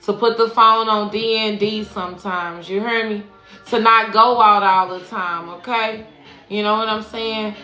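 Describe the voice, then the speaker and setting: A woman's voice: medium pitch, steady tone, measured pace, bright, forceful tone. A woman spiritual coach giving a casual, profane livestream tarot reading, preaching and calling her listeners baby. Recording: echoey room with faint music.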